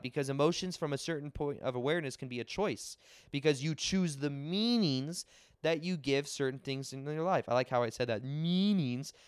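A young man hosting a podcast, telling a personal spiritual story in an energetic, casual way with many fillers and restarts. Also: fairly high pitch, clear, resonant tone, no echo, studio quality. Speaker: podcast host. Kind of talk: personal spiritual talk to listeners.

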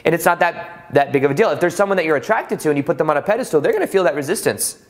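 A man's voice: fairly high pitch, lively intonation, racing. A man hosting a podcast, telling a personal story in a casual, conversational way with rhetorical questions, often repeating and restarting phrases. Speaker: podcast host. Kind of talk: casual motivational talk.

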